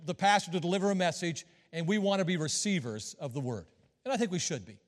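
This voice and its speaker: A middle-aged man preaching a sermon as a visiting missionary, folksy and joking with the congregation. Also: high-pitched. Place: church sanctuary. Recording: long reverb of a church hall.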